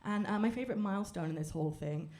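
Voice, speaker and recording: A young woman doing a stand-up comedy set on a club stage into a handheld mic, dry and deadpan, now and then breaking into loud, high mock-French theatrics. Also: quick pace. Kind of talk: stand-up set with crowd work.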